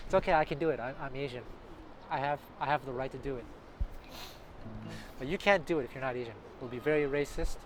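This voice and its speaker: A man, a jazz guitar teacher, talking casually to camera in a vlog, chatty and self-correcting with animated asides, recorded outdoors on a city street. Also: medium pitch, fast talker, pauses often, a little hiss or hum.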